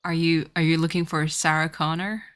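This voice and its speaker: A woman's voice: sits low, flat delivery, normal speed, fairly bright tone. A woman streamer who grew up in France, speaking French as her first language, chatting casually with her viewers over gameplay and laughing often. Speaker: streamer playing a game. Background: faint game music.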